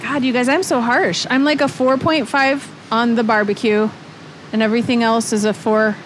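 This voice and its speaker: A woman's voice: a little high, steady tone, moderate pace, slight background noise. Chatty woman on a streetcar. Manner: chatty, self-correcting. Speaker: guest. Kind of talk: casual chat. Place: riding a city streetcar.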